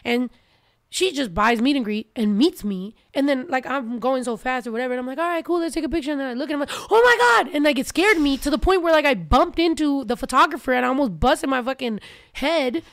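A woman's voice: sits high, quick pace, no echo, studio quality. A woman hosting a podcast, ranting in casual, profane chat. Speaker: podcast host.

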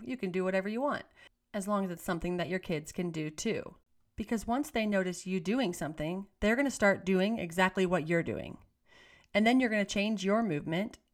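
A woman teacher hosts a podcast of classroom tips, talking in a mid-range voice. She sounds upbeat and encouraging, with an easy conversational flow. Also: mid-range voice.

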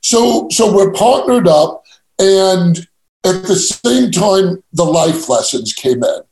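A middle-aged New York real estate agent appears as a guest in a casual interview, telling stories in an animated, brash way with a gravelly, darkish voice that sits a little high. Self-mocking, he trips into stammered restarts, and the room carries an echo.

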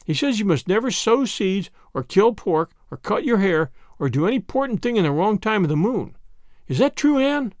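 A man's voice: high-pitched, very animated, normal speed, no echo, clean studio sound. A man voicing a scruffy, mischievous little boy with folksy, slangy talk in a storybook reading. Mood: earnest.

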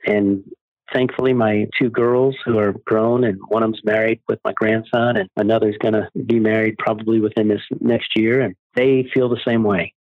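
A man's voice: fairly low pitch, level tone, moderate pace, no echo. A man in his forties or fifties, a charity founder telling stories as an interview guest in an earnest way. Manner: earnest storyteller. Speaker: guest, charity founder giving cars away. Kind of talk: interview conversation. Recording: dry, phone-like narrow sound.

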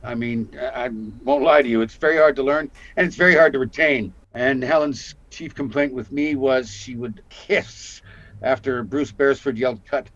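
A man in his sixties from Canada, an actor telling stories in a casual interview and acting out the voices of the people he quotes. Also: normal speed. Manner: animated storyteller, acts out quotes with big pitch jumps. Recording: muffled lo-fi audio.

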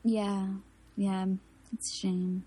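A woman with a South Philadelphia accent hosts a casual podcast. Her voice sits at a middle pitch, and she chats along with plenty of fillers and giggles. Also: flat delivery, slow, mellow, husky. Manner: chatty, giggly, many fillers. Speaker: podcast host. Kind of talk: casual chat.

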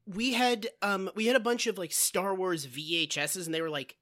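Bright-voiced man telling jokey stories. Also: high voice, steady tone, normal speed. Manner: jokey storyteller, many fillers like "like" and "um". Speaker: podcast co-host. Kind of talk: casual comedic movie chat.

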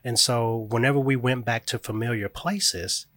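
A grieving father, appearing as a guest in a casual conversation, speaks earnestly and reflectively about raising his young son, telling stories along the way. His voice sits at medium pitch, steady in tone and a bit bright, at a normal pace. The recording is dry.

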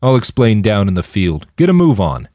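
A male narrator voicing a loud, boisterous chromed warrior. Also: lowish voice, sing-song, moderate pace, no room sound, clean studio sound. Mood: rowdy.

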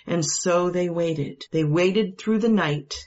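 A woman reading a suspenseful story aloud in a measured, hushed way, adding her own asides. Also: lowish voice, muffled recording.

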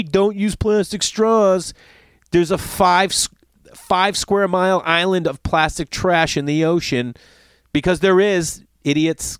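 A man's voice: mid-range voice, no echo. Profane ranting man, dry close sound. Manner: profane, ranting, animated storytelling. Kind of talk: casual monologue.

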